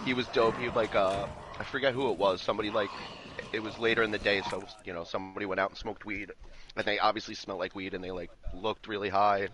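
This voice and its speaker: A young man casually recalling high school teachers and pranks, swearing and laughing. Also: fairly even intonation, fast talker, noisy background. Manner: profane, laughing recollections. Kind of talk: casual chat with friends.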